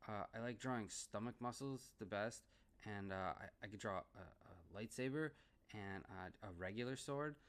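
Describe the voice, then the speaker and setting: A man voicing a childlike grown man who is eager and simple, talking haltingly with lots of uh's. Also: lowish voice, lightly acted.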